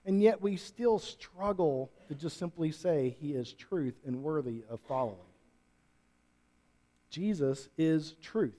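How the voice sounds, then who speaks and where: A man preaching a sermon to a congregation, moving from quiet reflection to loud, emphatic peaks. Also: on the high side, animated, takes it slowly. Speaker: pastor. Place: church room with congregation.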